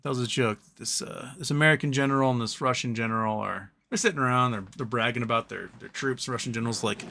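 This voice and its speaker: A man's voice: medium pitch, quick pace, vocal fry, few pauses, pushed and bright, a little hiss or hum. A man hosting a live stream, chatting casually about stocks and reading viewer questions, with a rambling delivery full of ums and self-corrections.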